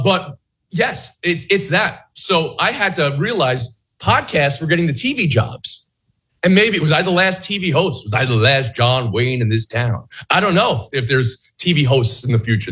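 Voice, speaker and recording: Energetic, husky-voiced middle-aged man. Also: fairly high pitch, moderate pace. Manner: energetic, rambling, self-mocking. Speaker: guest TV host. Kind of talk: casual talk-show banter.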